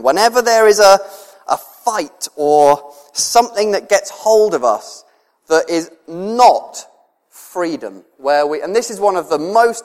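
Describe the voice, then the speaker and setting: Preacher man in a reverberant hall. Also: high voice. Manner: conversational, chuckles often, emotional. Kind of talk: sermon.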